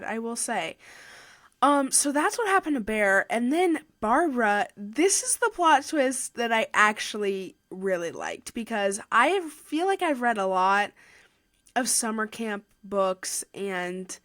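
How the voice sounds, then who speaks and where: A woman's voice: fairly high pitch, lively intonation, slow pace, fairly bright tone, no echo, studio quality. A young woman hosting a podcast, casually retelling a novel's plot in a chatty way, with lots of "like" and frequent restarts. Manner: chatty, heavy use of "like", with restarts. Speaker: podcast host. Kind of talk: casual book review recap.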